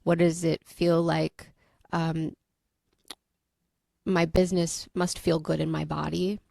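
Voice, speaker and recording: A woman host leading a group coaching call, gently guiding and reflective. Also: sits low, vocal fry, no room sound, clean studio sound. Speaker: mentor and host.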